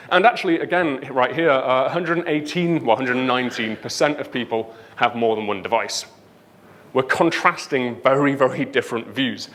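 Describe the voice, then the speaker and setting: A man with a Northern English accent speaks from a conference stage, chatty and lively. His pitch sits in the middle range, and he keeps checking in with the room as he explains. He sounds at ease in front of a crowd. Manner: lively, chatty, leans on "right?" and "um". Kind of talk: tech conference talk. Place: conference stage before an audience.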